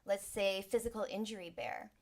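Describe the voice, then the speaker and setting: A woman's voice: medium pitch, fairly even intonation, moderate pace, darkish tone. A woman sound healer teaches in an easy, chatty way, her voice in the middle of the usual range. She breaks into little acted-out exclamations and sighs to show how the mind reacts. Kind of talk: casual teaching talk.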